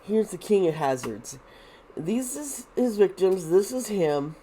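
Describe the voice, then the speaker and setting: A woman hosting a casual tarot video reads unhurriedly in a mellow, medium-pitched voice with big pitch swings. She keeps restarting as she thinks aloud, sounding a little nervous and uneasy. Some hiss or hum sits underneath.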